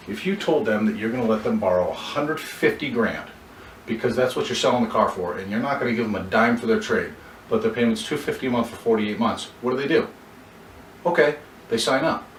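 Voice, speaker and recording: Echoey, distant male sales trainer. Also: medium pitch. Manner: coaching, role-plays dialogue, frequent restarts. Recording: echoey room from far off, faint background noise.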